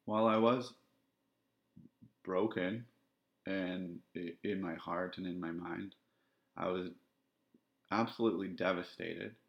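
A Canadian podcast host with a very deep, gravelly voice and steady tone shares a personal story. He speaks reflectively and candidly, halting to search for words. The audio sounds dull and lo-fi.

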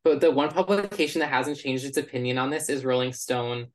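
A man's voice: mid-range voice, fairly even intonation, brisk. A man co-hosting a podcast, chatting casually in an eager, self-deprecating way. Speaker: podcast co-host. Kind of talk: casual chat.

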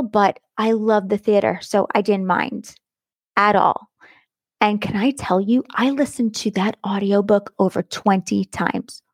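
Middle-aged woman, podcast host, warm and effusive, slight vocal fry, dry close mic. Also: mid-range voice, no echo. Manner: enthusiastic and affectionate, stretching words for emphasis. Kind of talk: warm motivational podcast monologue.

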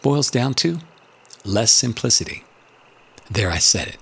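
A man's voice: medium pitch, sing-song, measured pace, gravelly, fairly bright tone, breathy edge. An older man narrating in a reflective, scripted way, earnest and building rhetorical lists.

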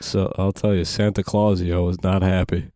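A man's voice: low-pitched, level tone, moderate pace, warm tone, dry recording, clean studio sound. A man playing a tabletop game, sarcastic and swearing freely. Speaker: player. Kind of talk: casual tabletop play.

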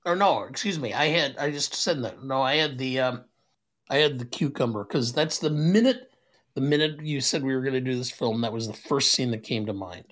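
A man's voice: mid-range voice, animated, brisk, a bit bright. An older man co-hosting a movie podcast with his son, reading names plainly and chatting casually. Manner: plain, reads memorial list steadily. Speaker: podcast co-host.

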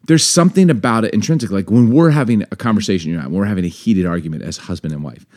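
Lively, low-voiced man chatting. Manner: animated, jokey, quick asides. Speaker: podcast co-host. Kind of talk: casual chat.

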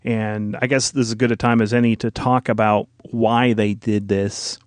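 This man co-hosts a podcast and talks through film trivia in depth, informative and thorough in a relaxed chat. His voice sits on the low side with a level tone and a moderate pace, and there's no room sound.

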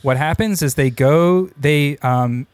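A man's voice: a little high, slow, smooth, no room sound. Man, casual movie chat, chatty retelling, dry close sound. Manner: chatty, retells scenes with silly voices.

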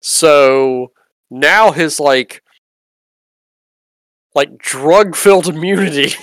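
A game master narrating a tabletop game in an unhurried, hesitant way, with many fillers. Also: medium pitch, no echo.

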